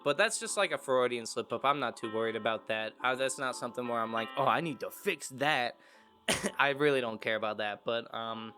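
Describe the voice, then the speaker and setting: A man's voice: medium pitch, sharp tone. A young man talking casually to camera as a YouTuber, rambling and self-correcting with lots of fillers. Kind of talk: casual rambling vlog talk. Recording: music playing clearly underneath.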